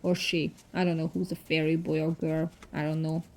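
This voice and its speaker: A woman in her thirties with a foreign accent, narrating her cleaning vlog in a casual voice-over with halting, non-native phrasing and many fillers. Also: sits low, little pitch movement, a little mellow. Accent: foreign accent in English. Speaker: cleaning vlogger.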